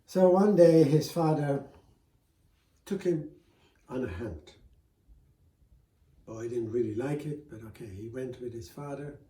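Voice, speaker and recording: A man telling a folk tale aloud in a loose, chatty way, full of "you know" and little restarts. His voice is mellow and dark-toned. He sounds like he's in a roomy space with a clear echo. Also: medium pitch, lively intonation, unhurried, long pauses. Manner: conversational, with fillers and restarts. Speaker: storyteller.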